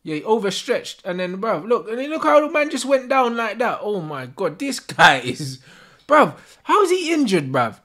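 A young man giving a live, sweary football watch-along, shouting at players and the referee in street slang. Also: high-pitched, very animated, normal speed, hardly any pauses. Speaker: football fan streamer.

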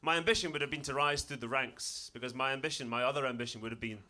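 A man's voice: mid-range voice, fairly even intonation, fast talker, pushed and bright. A Scottish man with a Glaswegian accent doing a profane stand-up set with dry punchlines in a comedy club. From Scotland. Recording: noisy live comedy club. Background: audience laughter.

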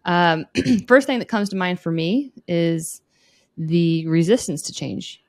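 A woman's voice: lowish voice, animated, takes it slowly, darkish tone. A woman co-hosting a podcast, easygoing and thoughtful, who laughs often in casual chat. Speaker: podcast co-host.

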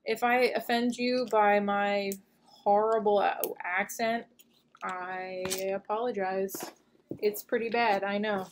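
Slow-talking woman gushing over an unboxing. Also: medium pitch, steady tone, slight background noise. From United States. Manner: chatty and gushing, many fillers. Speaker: unboxing channel host. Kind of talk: casual unboxing chat.

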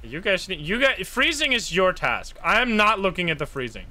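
Guy streaming a ghost game, bright tense voice, swings up and down a lot, swears at the screen. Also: sits high, moderate pace. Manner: excitable, swears, talks to chat. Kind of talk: live gameplay commentary.

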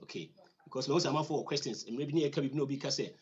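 Ghanaian male educator, mid-pitched, chatty and repetitive teaching delivery, muffled lo-fi sound. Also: rapid-fire, slight background noise. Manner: conversational, repeats words for emphasis, many fillers. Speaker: financial educator. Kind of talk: teaching talk on personal finance. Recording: slightly dull lo-fi recording.

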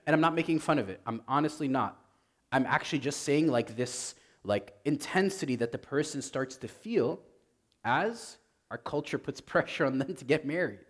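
A man preaching as a priest in a conversational way, often saying "like" and swinging from loud to very soft. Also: mid-range voice, expressive, normal speed. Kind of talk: sermon.

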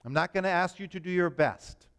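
Man playing a merciful king, calm, slow, reassuring, fairly high voice. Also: clear, resonant tone.

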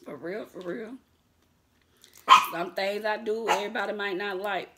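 A woman's voice: mid-range voice, fairly even intonation, a little slow, very noisy. A woman vlogger chatting casually to her viewers, calling them y'all and laughing often, defiant and sassy toward her critics. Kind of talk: casual vlog talk to viewers.

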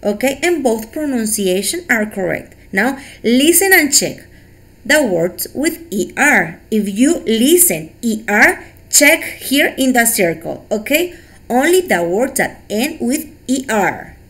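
Female English teacher, slow patient delivery, animated. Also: fairly high pitch. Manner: slow, encouraging, repeats words for pupils. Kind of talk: online class instruction.

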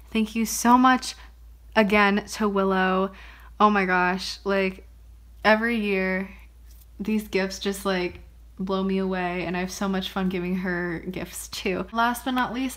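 A young woman vlogging casually as she unboxes presents, bubbly and gushing, often gasping and saying how pretty things are. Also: mid-range voice. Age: young adult. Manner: bubbly, gushing, frequent gasps and laughs.

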